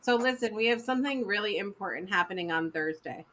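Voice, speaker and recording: A woman's voice: medium pitch, expressive, fast talker, crowd noise. A woman hosting a casual live show, chatting and laughing through scattered asides. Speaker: host.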